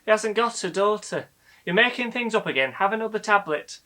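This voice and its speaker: A man voicing an elderly mother who is suspicious, confused and sharp-tongued, speaking in a rapid, shrill, scolding way in a stage monologue. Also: animated.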